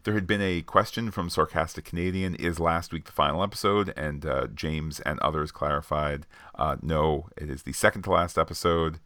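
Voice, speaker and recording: A man's voice: extremely low pitch, moderate pace, hardly any pauses, a bit bright, no room sound, clean studio sound. A man co-hosting a podcast, working through listener tweets with frequent fillers. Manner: reads off a list with frequent uh fillers. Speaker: podcast co-host.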